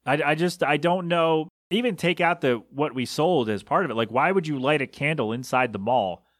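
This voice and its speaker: A man's voice: fairly high pitch, normal speed, dry recording, clean studio sound. A man hosting a solo podcast, ranting in disbelief with rhetorical questions and coughing a bit. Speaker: podcast host.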